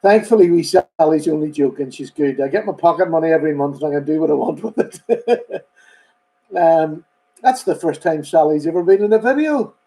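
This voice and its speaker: A man's voice: on the high side, expressive, normal speed, warm tone, rough recording. A man hosting a casual live stream, rambling chattily and greeting viewers by name. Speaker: host.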